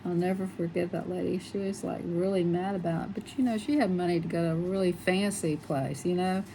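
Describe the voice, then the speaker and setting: A woman's voice: fairly low pitch, fairly even intonation, fairly quick, creaky, warm tone, slight background noise, rough recording. A middle-aged woman chatting casually and rambling as she colors, laughing often. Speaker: coloring channel host. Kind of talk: casual chat while coloring.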